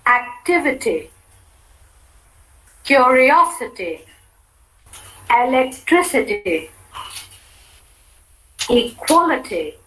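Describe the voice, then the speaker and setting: A woman reading single words one at a time for learners to repeat, with careful, deliberate enunciation. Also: fairly high pitch, a bit bright, rough recording. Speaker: pronunciation model speaker. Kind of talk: reading isolated words for a drill.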